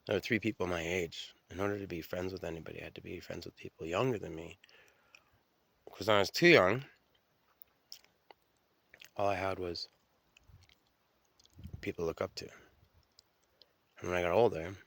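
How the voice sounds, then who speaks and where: Gravelly low-voiced man rambling. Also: moderate pace, long pauses, a bit bright, no echo. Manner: profane, stream-of-consciousness storytelling with many restarts. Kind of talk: rambling solo monologue.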